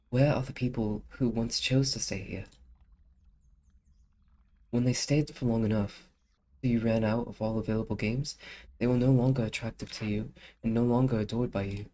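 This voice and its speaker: A calm, guarded woman leader who speaks in a measured, steady way, as a streamer puts her on. She uses an attempted British accent and a mellow, dark tone. It is game dialogue read aloud on a stream. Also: medium pitch, a little hiss or hum, lightly acted.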